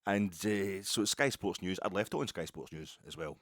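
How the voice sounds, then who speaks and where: A Scottish man with a notably low voice, talking at length on his own podcast in a loose, wandering way and drifting into side remarks. The recording sounds close and very dry. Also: normal speed, a bit bright, no echo. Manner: rambling, digressive, chatty with asides. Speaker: podcast host. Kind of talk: solo football podcast monologue.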